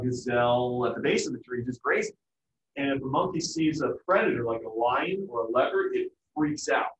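A man's voice: medium pitch, a little hiss or hum. Male teacher lecturing loosely with jokes, recorded from across an echoey room. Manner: casual, joking, acts out family voices. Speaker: biology teacher. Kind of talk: classroom lecture. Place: classroom. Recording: echoey, distant, dull room sound.

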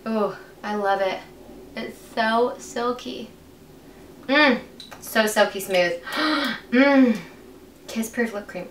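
Speaking slowly in a mid-range voice, a young woman beauty vlogger chats through an excited unboxing, gasping and gushing breathlessly. Her mic sits at a distance in an echoey room, and there's a faint hiss.

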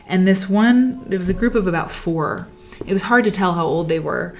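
Lady chatting on a sewing stream, lowish voice, kinda rambly, soft music under it. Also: lively intonation, moderate pace, gravelly. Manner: rambling, reflective, trails off. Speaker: livestream host. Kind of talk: casual livestream storytelling. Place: at home while sewing.

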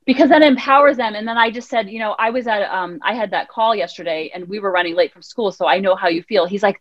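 A woman child counselor on a podcast, telling a parenting story in an animated way and acting out her son's lines. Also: mid-range voice, quick pace, hardly any pauses, muffled recording. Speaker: child counselor and life coach guest. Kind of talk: podcast conversation.

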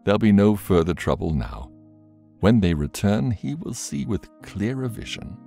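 A man's voice: fairly low pitch, big pitch swings, normal speed, warm tone, soft background music, pitched above the performer's own voice. A man reading aloud and voicing a fervent, devout father in an audiobook.

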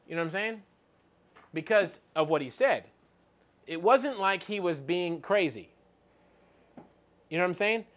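A man's voice: a little high, a bit bright. A man giving an informal Bible teaching, reading scripture aloud and searching for verses as he talks. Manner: conversational, reads scripture aloud and looks up verses mid-talk.

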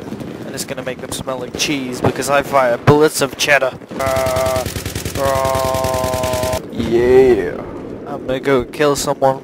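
Slow-talking young man over loud gunfire. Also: mid-range voice, heavy background noise. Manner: slow, silly rambling with frustrated outbursts. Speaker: gamer. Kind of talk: gameplay commentary. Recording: loud gunfire game audio behind.

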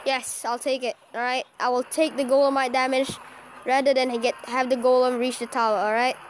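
A woman giving excitable live commentary over her own card-battle game, cheering and groaning at every play. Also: high voice, a little fast, a little hiss or hum. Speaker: gaming channel host.

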